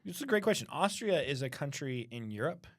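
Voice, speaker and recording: Over a noisy background, a teacher with a sing-song, medium-pitched voice talks a little fast while hosting a casual school podcast. Patiently questioning the children, they explain, follow up, and bring them back on topic.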